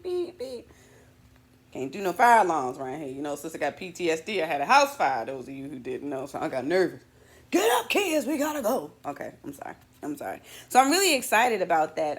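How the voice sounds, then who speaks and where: A woman hosting a morning show in a casual monologue, animated and slangy, full of playful asides to her viewers. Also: low-pitched.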